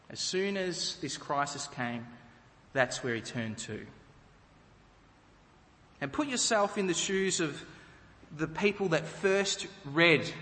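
A man's voice: on the high side, pushed and bright, big-room sound. A man preaching a sermon, emphatic and full of rhetorical questions to the congregation.

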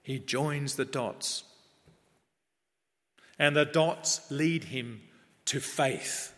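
A man preaching a sermon in a measured, earnest way that builds in emphasis. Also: mid-range voice, a bit bright. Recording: long reverb of a large hall.

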